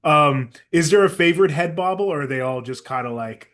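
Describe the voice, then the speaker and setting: A man hosting a podcast interview, asking relaxed questions and cheering his guest on with short replies. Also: fairly high pitch, a little fast. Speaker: podcast host. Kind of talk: casual interview.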